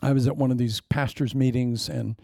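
A man delivers a sermon in a gravelly, mellow voice. He tells the story in an animated way, acting out lines and throwing in sudden asides to the congregation. The sound is dry, with no room echo. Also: mid-range voice, moderate pace. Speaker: preacher.

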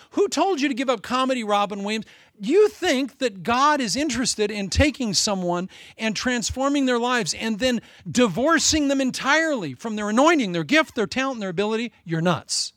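Animated high-voiced male preacher. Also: no room sound, clean studio sound. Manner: animated, joking, with frequent laughs. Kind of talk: sermon.

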